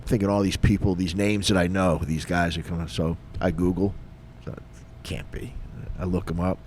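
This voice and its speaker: A middle-aged retired police officer co-hosting a podcast, telling a story in a lively, casual way and acting out the dialogue. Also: male voice, deep voice, a little fast, a little hiss or hum. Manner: animated, acts out dialogue, frequent fillers.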